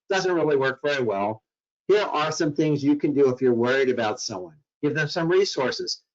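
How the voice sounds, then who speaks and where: A man's voice: on the high side, animated, normal speed, muffled recording. A man giving a talk on mental health to workplace staff, telling a story dramatically and acting out the voices in it.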